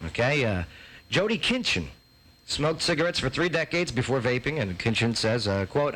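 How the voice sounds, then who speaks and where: A man hosting a talk show, joking loudly through clip reactions and reading a news story with many fillers. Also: mid-range voice, sing-song, normal speed, rough recording. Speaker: host. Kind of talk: casual chat, reacting to clips.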